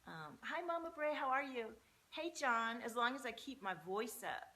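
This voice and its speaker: A woman hosting a live tarot stream, talking in an effusive, breathy, spiritual way in a large high-ceilinged room. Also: lively intonation, normal speed, bright, forceful tone. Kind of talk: casual live-stream chat. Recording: muffled, echoey room sound.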